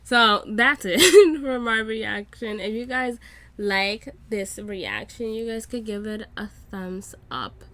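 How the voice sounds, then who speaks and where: A woman giving casual reaction commentary on a show, excitable and swearing freely. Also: medium pitch, takes it slowly, dry recording. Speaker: reaction YouTuber.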